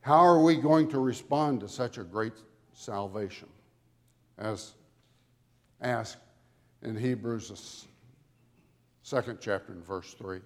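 A man preaching a sermon to a congregation with dramatic emphasis, building to loud peaks on key words. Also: mid-range voice. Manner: dramatic, slow emphatic delivery with swelling loudness. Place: church sanctuary. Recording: long hall reverb from a church. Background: congregation audience.

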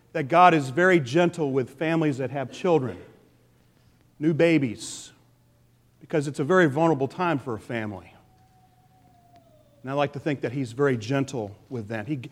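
A man preaching a sermon with passion, swinging between loud and hushed delivery. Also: sits high, in a large hall. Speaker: pastor.

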